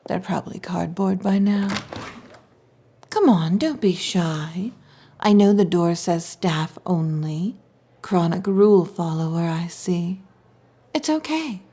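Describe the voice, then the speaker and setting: A young female fox spirit who guards her library, chatty and teasing, drifting into soft whispers, as a woman acts her out in a whispered role-play. Her voice is breathy and mellow rather than bright. She sounds protective and a little flustered, like a storybook kitsune keeper of books. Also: medium pitch. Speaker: ASMR roleplay performer.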